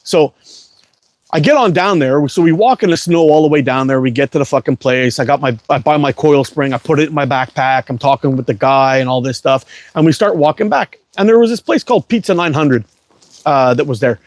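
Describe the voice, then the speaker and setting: A man's voice: a little high, a little fast, no room sound. A man telling a long, rambling, profanity-heavy story in a casual livestream chat. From Canada. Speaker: livestream host.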